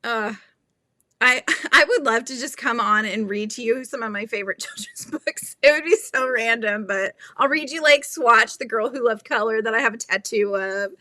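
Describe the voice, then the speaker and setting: Female livestream host with a bright, crisp, somewhat high voice, giggly and chatty. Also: moderate pace, no room sound. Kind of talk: casual livestream chat while crocheting.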